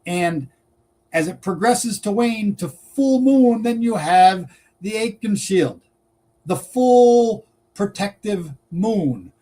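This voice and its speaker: Male presenter, slightly high breathy voice, unhurried lecture delivery. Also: expressive, warm tone, low-quality recording. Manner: slow, deliberate, spells out words. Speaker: presenter on Northern Pagan lore. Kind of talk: explanatory talk to camera.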